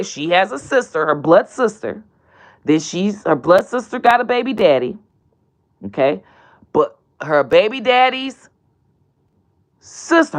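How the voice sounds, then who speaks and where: A woman host telling a storytime on her show, animated and profane, swinging from loud outbursts to near-whispers. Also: on the low side. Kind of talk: casual storytime vlog.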